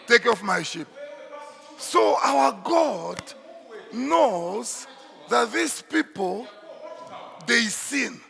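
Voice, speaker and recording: Male pastor, bright gravelly voice, slow emphatic sermon delivery, echoey church hall. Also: very high voice, big pitch swings. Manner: emphatic preaching, shifts into Swahili asides.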